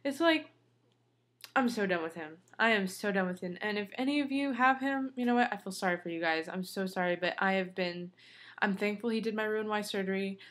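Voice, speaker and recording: A woman talks straight to her viewers in a loose, unscripted vlog. Her voice sits at an ordinary middle pitch, and her delivery is chatty and venting, full of ums and you-knows. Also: quick pace, a bit bright. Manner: chatty, venting, many fillers. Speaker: vlogger. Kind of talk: casual chat to viewers.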